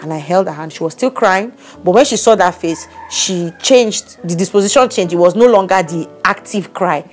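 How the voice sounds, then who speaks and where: A woman, co-hosting a casual chat and telling a story with lively acted-out quotes. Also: medium pitch, moderate pace, hardly any pauses, soft background music. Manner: animated storytelling, acts out quotes. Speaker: podcast co-host.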